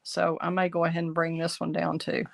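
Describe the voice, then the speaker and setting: A middle-aged woman with a fairly low voice, raspy from a lingering bronchitis. She talks casually and chattily, thinking aloud as she walks viewers through a craft project. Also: monotone, brisk. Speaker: card-making instructor.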